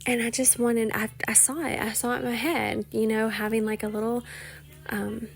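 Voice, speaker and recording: A young woman hosting a casual solo podcast, rambling with lots of "like" and "you know", sometimes dropping into soft whispery asides. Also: fairly high pitch, level tone, normal speed, creaky. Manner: rambling, chatty, many "like" and "you know" fillers. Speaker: podcast host.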